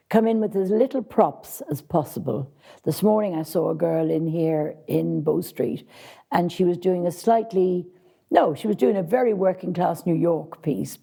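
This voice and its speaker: A woman's voice: lowish voice, vocal fry, dark tone, husky. A woman casting director answering interview questions with direct, practical advice for actors, speaking frankly.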